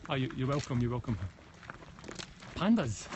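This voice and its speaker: A man's voice: medium pitch, expressive, normal speed. Scottish man walking and chatting, west of scotland accent, phone stream with noise behind. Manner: chatty, answers comments, frequent restarts. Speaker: live-stream host. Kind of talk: casual live-stream chat answering comments. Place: mountain forest path outdoors. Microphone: phone held while walking. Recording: outdoor phone stream with clear background noise.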